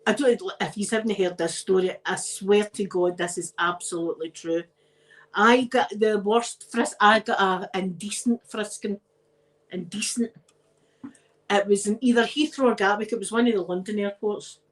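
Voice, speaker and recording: A Scottish woman, host of her own channel, telling personal stories in a chatty, animated way and laughing often. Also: mid-range voice, normal speed, poor audio. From Scotland. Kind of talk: casual storytelling chat.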